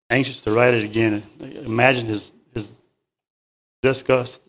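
A man with a mid-range voice reads a children's story aloud to a group. He halts often, pausing to paraphrase and moralize.

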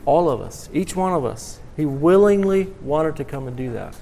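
A man preaching a sermon in a halting way, repeating words and then swelling with emphasis. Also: on the high side, lively intonation, creaky, dark tone, slight background noise.

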